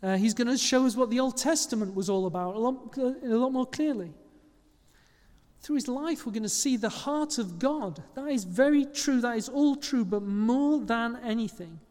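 The pastor's sermon comes at a normal speed and in an easygoing, conversational manner, broken by brief self-corrections. A long church-hall echo follows his high-ish male voice through each phrase.

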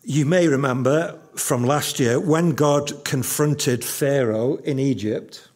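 Male pastor in his fifties, unhurried sermon delivery with emphatic repetition. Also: mid-range voice, darkish tone. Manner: slow, emphatic, repeats key lines.

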